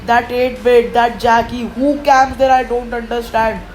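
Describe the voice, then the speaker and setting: A woman's voice: on the high side, level tone, a little slow, a little hiss or hum, poor audio. A woman commentating her own gameplay, frustrated and complaining as she plays. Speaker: gaming commentator.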